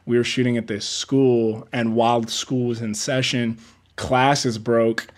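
A production assistant, older than typical entry-level peers, tells film-set stories in a casual interview with a medium-pitched voice at a measured pace. He's an animated storyteller who acts out quotes and laughs often.

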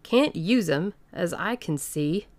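A woman's voice: on the low side, expressive, slow, a little mellow. A woman voicing a stolid village constable who speaks bluntly and plainly in an audiobook reading. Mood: dogged. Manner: blunt, rustic.

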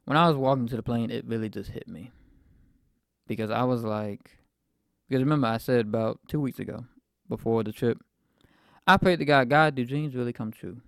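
A man's voice: medium pitch, a little fast, gravelly, pauses often, dry recording, studio quality. A man of twenty-four hosting a podcast, reflecting at length on a personal faith story in a rambling way, with fillers. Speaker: podcast host.

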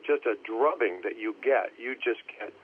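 Man rambling over a tinny phone line. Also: fairly low pitch. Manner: rambling, halting, searching for words. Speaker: guest on a commentary track. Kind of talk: casual chat.

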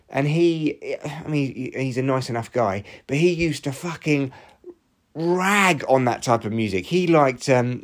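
Man, 40s, podcast host, sweary, rambling monologue. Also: medium pitch. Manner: sweary, rambling, gets heated then self-mocking. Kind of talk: casual monologue.

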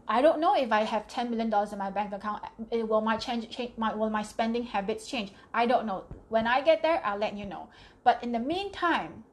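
A middle-aged woman vlogging to camera about money, talking candidly and emphatically and often repeating her phrases. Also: on the high side. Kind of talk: casual talk to camera.

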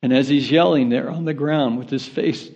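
A man's voice: medium pitch, moderate pace, a little mellow, dull audio. A man preaching a sermon in an earnest manner that builds to impassioned intensity. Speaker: pastor.

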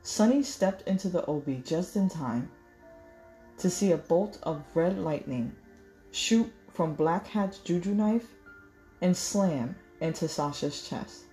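A woman reading a novel aloud in measured storytelling, correcting small slips as she goes. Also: lowish voice, lively intonation, dark tone, soft background music. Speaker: audiobook reader.

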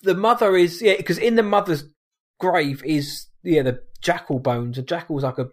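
A man's voice: fairly high pitch, normal speed. A man co-hosting a film podcast, casual chat that rambles and corrects itself, often laughing.

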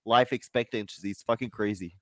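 A man's voice: lowish voice, steady tone, a little fast, a bit bright, no room sound. A man chatting on a comedy podcast in a laid-back way, trailing off as he talks. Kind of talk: casual comedy chat.

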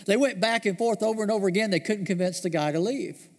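High-voiced preacher in a reverberant hall. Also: male voice, creaky. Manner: storytelling, slows and drops low for emphasis. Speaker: pastor. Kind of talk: sermon.

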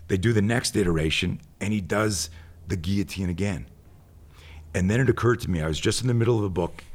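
Deep-voiced man telling rambling stories. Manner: rambling, goes off on tangents; acts out the people in his stories. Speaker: tactical instructor. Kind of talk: casual storytelling.

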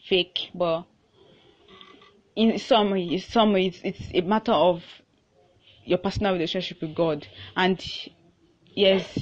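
On dull audio with a little hiss or hum, a young Nigerian-accented woman chats on her own laid-back podcast. Her pitch is fairly low, and she keeps restarting and laughing between ideas.

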